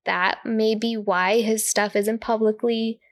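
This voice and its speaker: A chatty woman with a fairly high voice, recorded close and dry with no room sound. She co-hosts a casual podcast, giggling often between her sentences. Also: fairly even intonation, a little slow, no echo. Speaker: podcast co-host. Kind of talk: casual chat.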